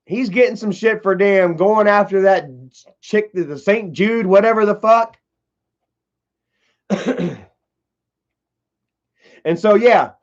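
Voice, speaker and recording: A man with a high voice tells a family story on a livestream, swearing and rambling through lots of "you know" and "man". The sound is dull and lo-fi. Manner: profane, rambling, heavy fillers.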